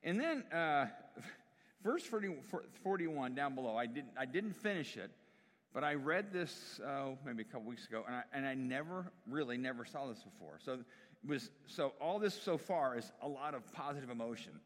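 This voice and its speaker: A man preaching in a relaxed, talky way to his congregation, stopping now and then to ask them questions. His voice sits at an ordinary middle pitch, and a long reverb from the church hall trails after his words. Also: normal speed. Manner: conversational, asks the congregation questions. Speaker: pastor. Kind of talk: sermon.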